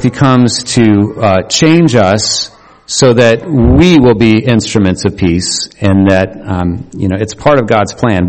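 A man's voice: medium pitch, darkish tone. A man preaching a conversational sermon as pastor, folksy and rambling, correcting himself as he goes. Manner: folksy, rambling, self-correcting, acts out quotes with a raised voice. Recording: long hall reverb.

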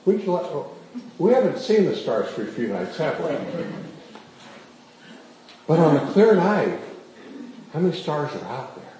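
A pastor preaches a sermon in animated storytelling style, frequently putting questions to the congregation along the way. His voice is a little high and a little slow, with frequent pauses. The room is very echoey, and faint background noise comes through.

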